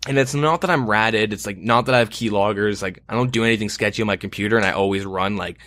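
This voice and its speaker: A man's voice: lowish voice, fast, fairly bright tone. A young man co-hosting a podcast, telling a long story in casual chat, rambling with lots of fillers and frequent swearing. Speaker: podcast co-host.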